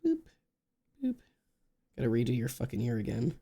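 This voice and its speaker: A man's voice: medium pitch, huge pitch swings, normal speed, creaky, dark tone. A young man streaming live, chatting casually and rambling with lots of fillers and restarts. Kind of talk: casual chat with stream viewers. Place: indoors at home.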